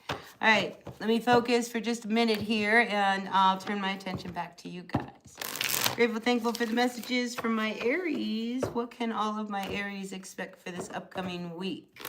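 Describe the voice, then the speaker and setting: Chatty tarot reader with a Jersey accent. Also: female voice, medium pitch, background noise. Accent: New Jersey. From New Jersey. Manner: chatty, loose, rambling with many fillers. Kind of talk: live-stream tarot reading.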